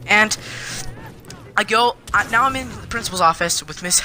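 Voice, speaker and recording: A male vlogger telling a story to the camera in an animated, indignant way. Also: sits high, moderate pace, slight background noise.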